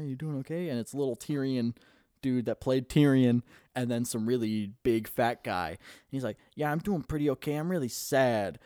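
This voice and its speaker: A man's voice: medium pitch, warm tone, no room sound, clean studio sound. A young man in casual chat, rambling on as he retells a story and swearing constantly.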